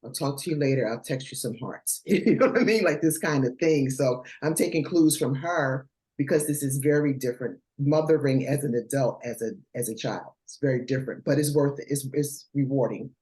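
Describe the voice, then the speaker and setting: A middle-aged woman talks casually on a panel about raising her daughter. She is animated and jumps high in pitch when she acts out what her daughter says. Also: fairly quick, hardly any pauses, rough recording. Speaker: panel guest, mother.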